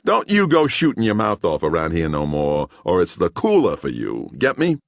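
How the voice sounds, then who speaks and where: A man reading an audiobook, voicing a gruff, bossy policeman who barks curt orders. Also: low-pitched, huge pitch swings, normal speed, no echo, studio quality, exaggerated voice. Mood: threatening.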